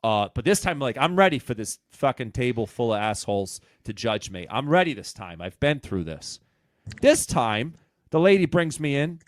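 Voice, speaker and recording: A comedian with a New England accent telling a profane, self-mocking story on a podcast. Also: male voice, medium pitch, very animated, normal speed, dry recording, clean studio sound. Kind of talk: casual storytelling chat.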